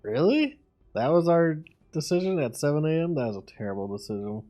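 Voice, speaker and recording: A man serving as game master, narrating a tabletop game with vivid, unhurried combat descriptions. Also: a little high, very animated, dark tone, faint music behind.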